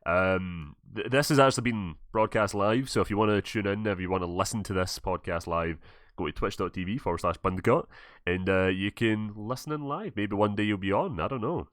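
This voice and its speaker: A man's voice: on the low side, brisk, fairly bright tone, no room sound, clean studio sound. A young man with a Glaswegian accent hosting a casual podcast, laid-back, swearing and laughing often. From Scotland. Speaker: podcast host. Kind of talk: casual chat.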